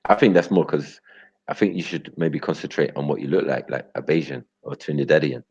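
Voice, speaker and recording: A man's voice: extremely low pitch, fairly quick, darkish tone, breathy edge, dry recording. A young man hosting a live stream and bantering with his chat in loose street slang, rambling and laughing often. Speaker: livestream host. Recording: dull lo-fi stream audio.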